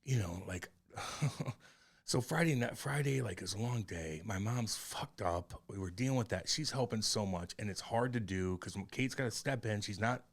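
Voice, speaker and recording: A man in his forties co-hosting a podcast, telling a personal story in a rambling, profane way that turns loud and heated. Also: fairly low pitch, moderate pace, slightly rough. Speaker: podcast co-host. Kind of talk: candid casual chat.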